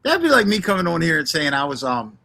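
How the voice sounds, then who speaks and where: A man's voice: on the high side, wildly swooping pitch, quick pace, creaky, bright, forceful tone. A man hosting a live stream, ranting casually, swearing constantly and reading out names from the chat.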